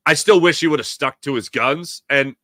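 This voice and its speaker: A man hosting a live sports talk show, giving opinionated takes and answering viewer chat in an animated way. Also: on the high side, no echo, clean studio sound. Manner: opinionated, animated, quick asides to chatters.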